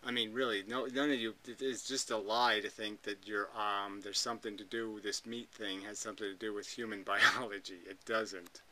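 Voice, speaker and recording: A man's voice: on the low side, level tone, normal speed, few pauses, background noise. A man hosting a commentary video, ranting in a blunt, combative way and swearing freely. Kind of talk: profane combative rant.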